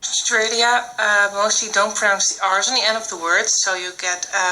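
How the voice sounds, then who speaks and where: A teenage girl with a Dutch accent presents a school project in a bright, clear voice. She explains step by step, pausing on "uh" as she goes. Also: mid-range voice, steady tone, low-quality recording. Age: teens. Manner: explanatory, with fillers.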